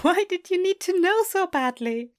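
Aziraphale, a woman playing a shrill fussy male angel. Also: animated, normal speed. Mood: amused. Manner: shrill, flustered, exclaiming.

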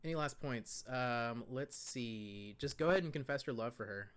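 A man's voice: medium pitch, normal speed, crowd noise. A man co-hosting a podcast, chatting casually in a laid-back, slangy, rambling way. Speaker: podcast co-host. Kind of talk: casual chat.

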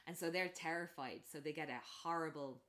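Woman, casual chat, animated retelling, fillers, lower voice, pitch jumps way up for quotes. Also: brisk. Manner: animated storytelling, acts out characters' lines in a raised pitch; many fillers and restarts.

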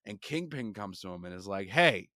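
A young man co-hosting a podcast, chatting casually and telling stories in an animated, profane way. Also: low-pitched, a little fast, no echo, studio quality. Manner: animated, profane storytelling with voices. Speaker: podcast co-host. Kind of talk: casual chat.

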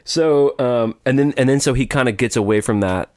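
A man co-hosting a podcast in casual chat, animated, swearing casually and laughing often. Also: medium pitch, moderate pace, dry recording, studio quality. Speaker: podcast co-host.

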